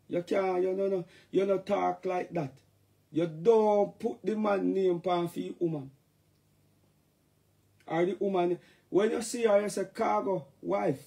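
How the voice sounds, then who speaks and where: A Jamaican man chatting loosely on a live stream, his voice sitting high for a man. He rambles and jumps between topics, now and then bursting into loud catchphrases. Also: steady tone, a little slow, creaky, long pauses. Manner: rambling, playful, shouts catchphrases. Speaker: dancehall artist talking to fans. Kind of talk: casual live-stream chat.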